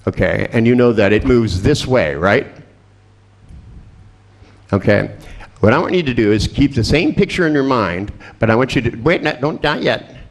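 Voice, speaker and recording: A man leading a live workshop demonstration with a volunteer, joking, profane and irreverent as he coaches with quick instructions. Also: mid-range voice, expressive. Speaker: seminar trainer.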